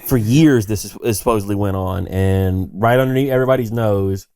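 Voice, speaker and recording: A man's voice: lowish voice, fairly quick, darkish tone, smooth, no room sound, studio quality. A man co-hosting a podcast, telling a story in casual, emphatic, joking chat. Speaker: podcast co-host.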